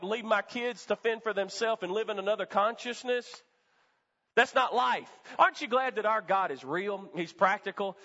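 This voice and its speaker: A man's voice: high-pitched, pushed and bright. A male pastor preaching a sermon in a church, with emphatic call-and-response delivery. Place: church sanctuary. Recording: reverberant hall, dull lo-fi sound.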